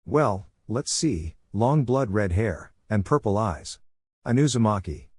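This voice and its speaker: A man's voice: on the low side, lively intonation, a little slow, darkish tone, breathy edge, dry recording, clean studio sound. Naruto, a man reading as a brash young ninja. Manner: eager, stammering when moved.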